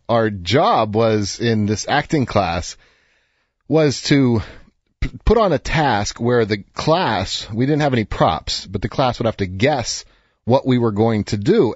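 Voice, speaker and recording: A man around fifty, an author and speaker, gives an earnest, encouraging motivational talk directly to camera, using loose fillers. His medium-pitched voice is husky and expressive, his pace a little slow, and the recording has no echo but its highs are cut off.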